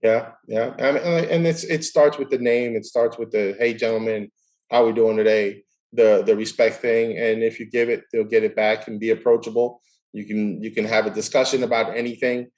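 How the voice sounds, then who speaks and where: A man's voice: mid-range voice, brisk. Brief: middle-aged man, mid-range voice, chatty guest who acts out the people in his stories. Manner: animated storyteller acting out quoted dialogue. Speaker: guest, baseball umpire. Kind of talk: casual chat, storytelling.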